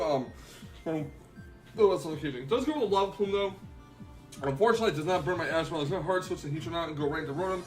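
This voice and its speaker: A young man hosting a gaming channel, chatting through a game battle with frequent ums and quick self-corrections. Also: fairly high pitch. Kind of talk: casual battle commentary.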